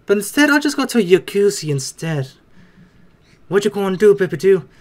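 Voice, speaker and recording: Male reaction host, loose and excitable, quick exclamations and restarts. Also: sits high. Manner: excitable, talks to himself, swears, frequent restarts and exclamations. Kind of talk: casual reaction commentary.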